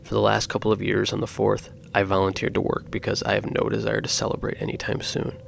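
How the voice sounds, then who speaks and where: A man narrating true horror stories in a slow, grave scripted style. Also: lowish voice, monotone, creaky, slight background noise.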